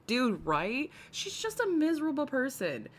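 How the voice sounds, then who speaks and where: A woman's voice: high voice, wildly swooping pitch, unhurried, a little hiss or hum. Chatty gossiping woman livestream host. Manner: chatty, gossipy, swears freely, greets viewers by name. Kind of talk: casual commentary livestream.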